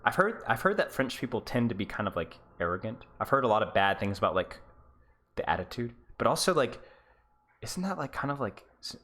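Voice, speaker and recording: A man's voice: medium pitch, very animated, fairly quick, a bit bright. A man coaching players on a live stream, rambling and sarcastic as he rates game clips and keeps interrupting himself. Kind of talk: live-stream clip review.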